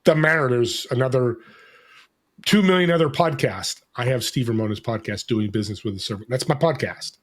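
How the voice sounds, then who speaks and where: A man, a podcast guest, talking in an energetic, animated way and acting out bits of dialogue. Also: medium pitch, a little fast. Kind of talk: casual conversation.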